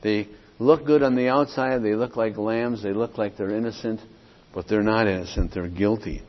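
A man's voice: on the low side, fairly even intonation, moderate pace. A middle-aged man preaching an expository sermon as pastor, emphatic and repetitive, often checking in with his listeners. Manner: emphatic, repeats points, checks in with "okay?". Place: church sanctuary. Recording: dull lo-fi audio with long hall reverb.

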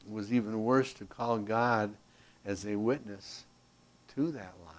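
Here a man teaches Bible study from a handout with folksy energy and jokey asides, his loudness rising to emphasis and dropping to a hush. His pitch is medium and he talks a little slowly.

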